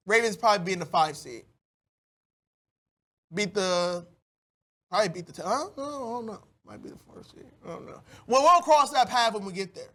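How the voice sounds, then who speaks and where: A man hosting a solo sports podcast, ranting animatedly with loud outbursts. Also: high-pitched.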